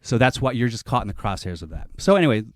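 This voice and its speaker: A man telling a long comic story on a panel show, animated and swearing, acting out other people's lines. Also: medium pitch, fast, slight background noise.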